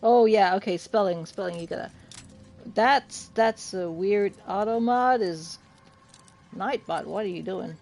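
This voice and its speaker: A woman from the UK talks her chat through a game in an unhurried, rambling way. She laughs often and keeps up a steady, casual patter. A little music hums faintly behind her. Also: medium pitch. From United Kingdom. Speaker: game streamer. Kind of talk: casual gaming livestream chat.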